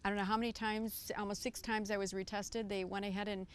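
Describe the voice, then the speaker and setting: A woman's voice: medium pitch, flat delivery, quick pace, clear, resonant tone. A woman from the United States, giving a vivid, earnest personal testimony. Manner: earnest, vivid storytelling with acted quotes.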